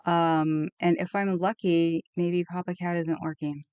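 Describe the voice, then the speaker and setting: A woman's voice: lowish voice, flat delivery, unhurried, darkish tone, clear, resonant tone, no room sound, lo-fi sound. Chatty woman streamer, dry close sound. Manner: rambling, chatty, laughs often, reacts to chat. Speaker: live streamer. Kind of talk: casual livestream chat with viewers.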